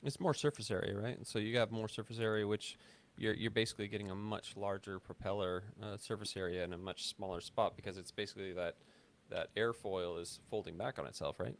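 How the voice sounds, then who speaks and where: A man's voice: on the low side, fairly even intonation, a little fast, hardly any pauses. A man explaining a technical point in a casual podcast chat. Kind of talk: casual conversation.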